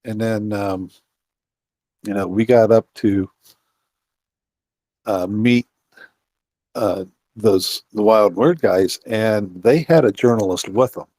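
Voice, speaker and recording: Middle-aged male guest, low voice, rambling storyteller, dry close recording. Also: slow pace, pauses often, a little mellow, dry recording. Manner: rambling, full of fillers and restarts. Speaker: guest, outdoorsman and Bigfoot researcher. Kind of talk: casual storytelling interview.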